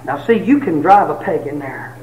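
A man preaching a sermon, telling folksy stories, acting out quotes and rising to shouts. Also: on the high side, lively intonation, moderate pace, rough recording.

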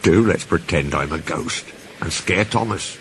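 A man's voice: deep voice, unhurried, background noise. A man voicing a cheeky little male steam engine who shrieks in a spooky put-on voice. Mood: mischievous. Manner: spooky shrieking as a pretend ghost.

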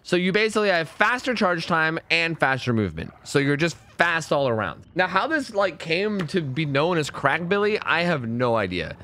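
Animated young man with lively pitch. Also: moderate pace, few pauses. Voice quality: animated, joking, talks to players on screen. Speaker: gaming streamer. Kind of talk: casual gameplay commentary.

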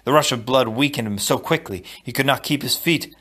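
A man reading a novel aloud in a steady, measured narration. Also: mid-range voice, breathy edge. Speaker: audiobook reader. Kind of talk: storybook read-aloud.

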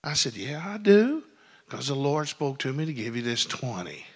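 A male pastor preaching a sermon, telling folksy stories that build into loud preaching. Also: mid-range voice, very animated, moderate pace, husky. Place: church sanctuary. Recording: long hall reverb.

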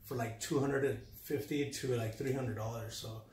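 A man hosting a casual unboxing video, talking in a relaxed, chatty way and often trailing off mid-sentence. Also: medium pitch, normal speed, distant mic. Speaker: YouTube collector host. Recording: roomy sound a bit off-mic.

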